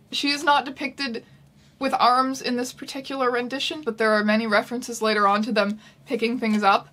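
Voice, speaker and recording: A woman hosting a comedic book reading with wry, deadpan asides. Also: a little high. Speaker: YouTube host.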